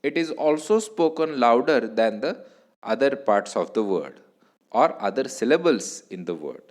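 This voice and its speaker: A man with an Indian English accent giving a recorded lecture, explaining slowly and deliberately and repeating key points. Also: mid-range voice, expressive. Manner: slow, deliberate teaching with repetitions.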